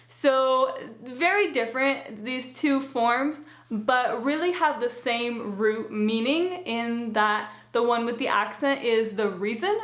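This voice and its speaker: High-voiced woman teaching slowly. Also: echoey room. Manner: patient, reassuring, step-by-step explaining. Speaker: language teacher. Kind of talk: explanatory language lesson.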